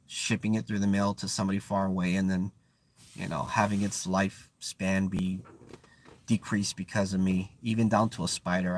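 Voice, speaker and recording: Low-voiced Bay Area man chatting. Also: a bit bright, no room sound. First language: not English. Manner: searching for words, frequent restarts and fillers. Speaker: channel host. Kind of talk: casual live-stream chat.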